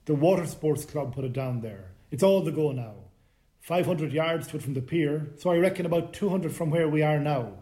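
A man's voice: fairly high pitch, moderate pace, dark tone, lightly acted. A man voicing a hesitant young man swimmer who talks in an easy, chatty way. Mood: easygoing.

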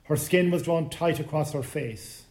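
A man narrating a short story in a calm, measured reading voice. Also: on the high side. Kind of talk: scripted narration.

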